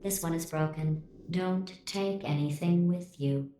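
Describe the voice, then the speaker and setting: A cold, sarcastic female AI overseer, played by a woman, delivering mockery in a low, deadpan, measured tone. The audio rings with heavy echo, and a faint hiss sits under it. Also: lightly acted. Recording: very echoey game audio.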